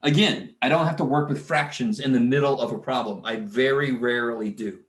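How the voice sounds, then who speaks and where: A man's voice: medium pitch, fairly quick, roomy sound. A man teaching a math lecture, talking himself through the arithmetic and muttering curses under his breath. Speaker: math instructor. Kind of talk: recorded classroom lecture.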